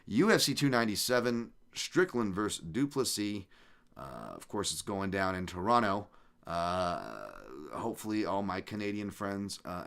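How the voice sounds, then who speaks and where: A young adult man hosting a podcast, chatting casually and reading comments, relaxed and rambling with many fillers and restarts. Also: lowish voice. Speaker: podcast host.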